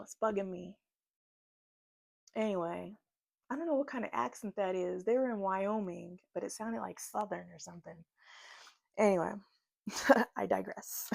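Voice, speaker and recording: A woman tarot reader reading a channeled spiritual message from her notes in a halting way, laughing at her own stumbles. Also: medium pitch, fairly even intonation, vocal fry, darkish tone, no room sound.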